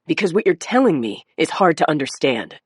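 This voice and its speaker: A woman voicing a calm male detective who speaks firmly and persistently. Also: sits low, husky, dry recording, clean studio sound, full character voice. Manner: firm, measured, persistent.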